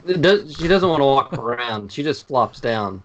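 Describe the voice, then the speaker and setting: A man's voice: mid-range voice, lively intonation, normal speed, a crowd in the background. A man co-hosting a live stream, dropping wry joking asides. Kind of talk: casual live-stream chat. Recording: dull lo-fi stream audio.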